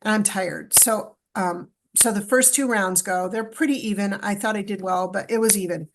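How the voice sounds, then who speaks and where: A middle-aged Canadian woman tells her story as a podcast guest, with a gravelly, fry-tinged voice at an ordinary pitch. She gets animated and emotional and acts out what people said. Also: normal speed, background noise. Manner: animated, acts out quoted dialogue, emotional retelling. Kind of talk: storytelling in a casual interview.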